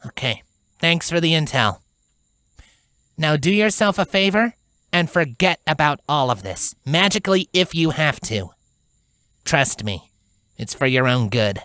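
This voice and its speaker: A tough female pegasus guard, brought to life by a woman in a fan fiction audiobook. She speaks bluntly and urgently, her pitch jumping around with energy. The sound is dry and close, with no room around it. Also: animated, unhurried, pauses often, fairly bright tone, no room sound. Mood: stern, urgent. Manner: blunt, urgent, low warnings.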